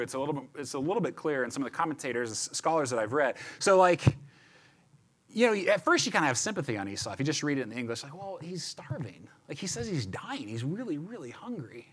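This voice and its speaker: A man giving a chatty, conversational sermon as a pastor, often repeating words and checking in with "right?". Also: fairly high pitch.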